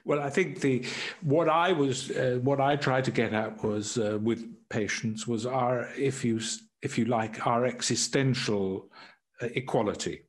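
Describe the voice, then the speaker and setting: A former prison doctor and writer, medium-pitched, tells stories in an interview in a halting way. He restarts often and chuckles at his own anecdotes.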